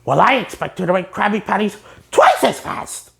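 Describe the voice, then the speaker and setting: Brief: grumpy cartoon crab boss, demanding, lively up-and-down delivery, a woman doing it. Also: mid-range voice, moderate pace, gravelly. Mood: blustery. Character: gruff older male crab restaurant boss, cartoon.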